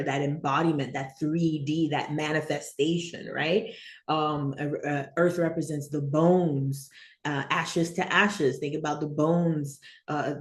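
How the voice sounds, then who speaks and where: A woman teaching an informal online lesson, rambling and checking in with "right?" and "okay?", laughing easily and getting animated when she tells stories. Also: low-pitched. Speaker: spiritual teacher. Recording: echoey room.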